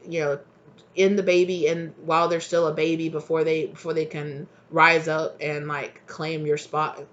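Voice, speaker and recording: A tarot reader giving a rambling, animated channeled reading, acting out little dialogues. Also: mid-range voice, muffled recording.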